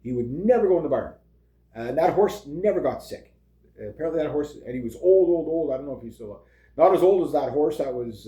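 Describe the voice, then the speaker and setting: A middle-aged man talks in a loose, meandering way, scattering fillers and chuckling asides as he goes. His voice is mellow and on the dark side. The room around him carries a noticeable echo. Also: medium pitch. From Canada. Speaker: vlogger. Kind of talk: rambling casual monologue. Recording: roomy echo.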